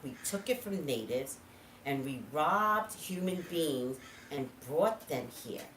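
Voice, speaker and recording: A woman telling a story in casual monologue, animated, swinging from low asides to loud outbursts. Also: slow pace, far from the mic, a little hiss or hum. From California. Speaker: psychic vlogger. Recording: echoey room, voice from off-mic.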